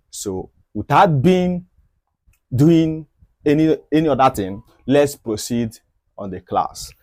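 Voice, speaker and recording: A man teaching anatomy in a mid-pitched voice. He repeats key phrases and poses rhetorical questions as he walks through diagrams. The recording is close and dry. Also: dry recording. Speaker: medical educator. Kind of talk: anatomy lecture over diagrams.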